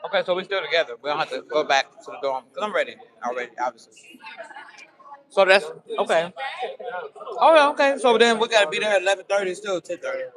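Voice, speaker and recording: A chatty, upbeat man talks straight to his viewers, his voice sitting a little high. A crowd buzzes clearly around him as he streams. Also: expressive, quick pace. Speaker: vlogger at a graduation event. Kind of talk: casual live-stream chat. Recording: noisy crowd around the phone.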